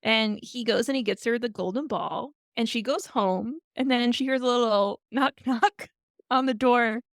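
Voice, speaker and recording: Lively higher-voiced woman, dry close sound. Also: normal speed, dry recording. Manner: animated storytelling, retelling a tale with quoted lines and laughs. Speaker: podcast co-host. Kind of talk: casual chat.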